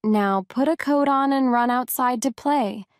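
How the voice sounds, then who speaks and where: A woman reading aloud plays a kind, talkative young servant girl who chats warmly and gently scolds the child in her care. Her fairly high voice is smooth and clear, and she speaks at an unhurried pace. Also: no echo, studio quality. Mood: chatty.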